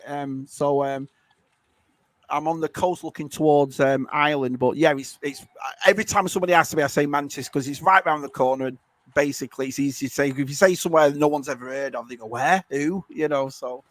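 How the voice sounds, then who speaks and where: A man from northern England with a Lancashire accent, telling lively stories in casual chat on a video call stream. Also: on the high side, a little fast, dry recording. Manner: lively storytelling with laughs. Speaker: stream host.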